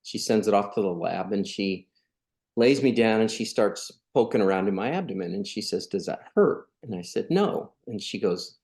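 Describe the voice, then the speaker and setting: A man's voice: fairly low pitch, moderate pace, a little mellow. A middle-aged man from California, a podcast guest telling a personal story in a casual, earnest way, acting out the dialogue. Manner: earnest, conversational, acts out quoted dialogue.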